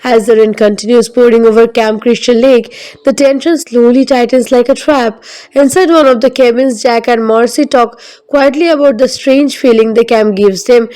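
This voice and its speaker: A woman narrating a scripted film recap in a steady, even storytelling manner. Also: fairly high pitch, normal speed, poor audio.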